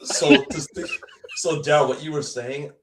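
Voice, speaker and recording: On a casual podcast, a guest host talks reflectively and hesitantly, restarting sentences as he goes. His voice sits on the high side with fairly even intonation and a measured pace, picked up by an echoey, distant mic against a noisy background.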